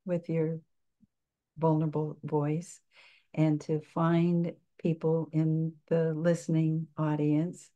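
A woman's voice: low voice, level tone, dull audio. Reflective older woman coaching voice. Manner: reflective, halting, with gentle restarts. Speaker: speaking coach. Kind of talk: interview answers.

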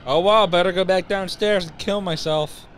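A man's voice: sits high, steady tone, normal speed, a bit bright, slight background noise. A young man casually commentating a co-op horror game, trading dry, crude wisecracks. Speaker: gaming channel co-host. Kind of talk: casual let's-play commentary.

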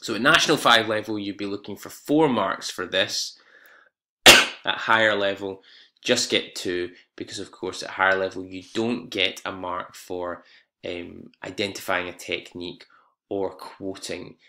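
A man's voice: deep voice, fairly even intonation, a little slow, pushed and bright. A man teaching an exam-prep English lesson, explaining step by step with fillers and self-corrections.

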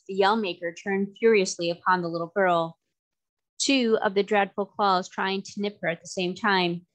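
Woman, storybook narrator, reading a children's novel aloud, steady pace. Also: medium pitch.

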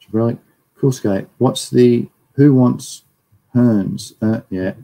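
A man's voice: mid-range voice, slow pace, gravelly, dark tone, low-quality recording. A middle-aged Australian man giving a casual, rambling livestream lecture and reading viewer chat aloud.

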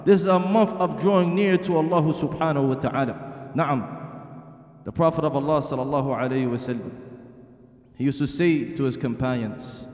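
A man's voice: mid-range voice, darkish tone. A middle-aged man preaching a sermon in a masjid hall, earnest and asking the audience rhetorical questions. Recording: echoey hall.

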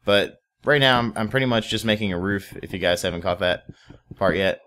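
Low-voiced young man rambling over a game. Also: fairly quick, fairly bright tone, a little hiss or hum. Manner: rambling, swears casually, talks to viewers and in-game animals. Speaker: Let's Play host. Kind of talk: casual gameplay commentary.

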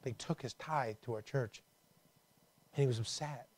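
A man preaching a conversational sermon to his church, dropping low and quiet, then rising to emphatic calls. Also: normal speed, husky. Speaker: pastor.

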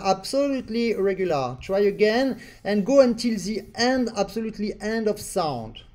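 High-voiced man coaching an accordion student. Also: animated, moderate pace, few pauses, darkish tone. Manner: corrective, sings rhythms with syllables; non-native English phrasing. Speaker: accordion teacher. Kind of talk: remote music lesson coaching.

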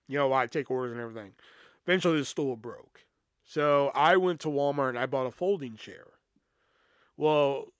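A man's voice: a little high, a bit bright, no room sound, studio quality. A man hosting a podcast, telling work stories in a casual, profane, laid-back way. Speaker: podcast host. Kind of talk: casual storytelling.

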